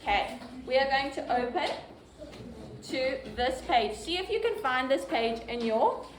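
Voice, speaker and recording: A woman's voice: high voice, lively intonation, a little slow. A woman teaching a classroom lesson, patiently prompting pupils by name. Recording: echoey classroom from far off, noisy.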